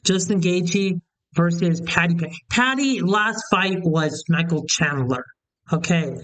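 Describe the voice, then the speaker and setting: Young male commentator, slightly high smooth voice, opinionated rambling rant. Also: slow pace, a bit bright, rough recording. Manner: opinionated, heated, rambling with restarts. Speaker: MMA commentator. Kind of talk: casual opinion rant to camera.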